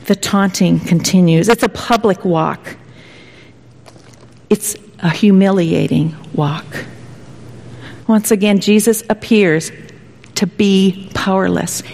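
A woman preaches a sermon at a middle pitch, telling it dramatically and sometimes sinking to a near whisper. Her voice carries a long reverb from a large church hall. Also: takes it slowly, gravelly, long pauses. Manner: dramatic storytelling, dropping at times to a hushed whisper. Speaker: pastor.

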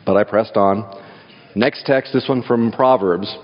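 A man's voice: fairly low pitch, a little slow. A man giving a sermon as a guest speaker in church, telling personal stories and jokes and reading scripture aloud. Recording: dull sound in a hall with long reverb.

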